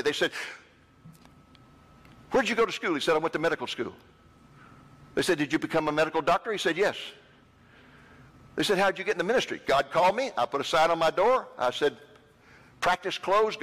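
A man preaching a sermon, telling a personal story with lively quoted voices. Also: fairly high pitch. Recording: long hall reverb.

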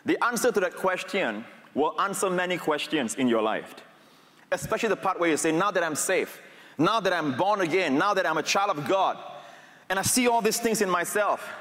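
A male pastor preaching a sermon, swinging from raised, emphatic peaks to hushed, low, intimate passages. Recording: reverberant hall.

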